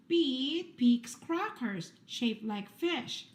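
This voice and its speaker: A woman reading children's picture books aloud in a slow, sing-song storytelling manner. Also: fairly high pitch, very animated. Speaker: storybook reader.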